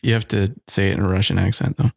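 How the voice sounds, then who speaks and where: A man's voice: sits low, steady tone, quick pace, vocal fry, a little mellow, dry recording, studio quality. A man co-hosting a podcast in casual chat, rambling and laughing often. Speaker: podcast co-host. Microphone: studio mic.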